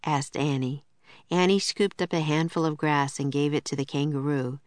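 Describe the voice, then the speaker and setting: A woman narrating a children's storybook at a clear, steady reading pace on a close mic. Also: low-pitched, moderate pace, no echo. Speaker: audiobook narrator.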